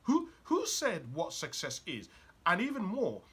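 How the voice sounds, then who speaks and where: A man's voice: high-pitched, wildly swooping pitch, measured pace, bright, forceful tone, slightly rough. A man giving a motivational talk. He speaks urgently and keeps asking the listener probing rhetorical questions.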